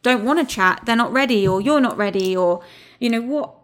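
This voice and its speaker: Reflective woman co-host, halting speech. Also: on the high side, lively intonation, fairly bright tone. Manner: halting, reflective, many fillers. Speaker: podcast co-host. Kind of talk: casual chat.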